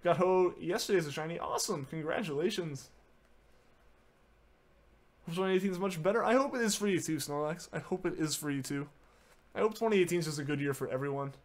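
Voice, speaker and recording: A man with a slightly high voice talks at a quick pace but leaves long pauses as he streams a game. It's casual live-stream chat: he responds to viewers, uses filler words heavily, says "like" a lot, and keeps restarting sentences.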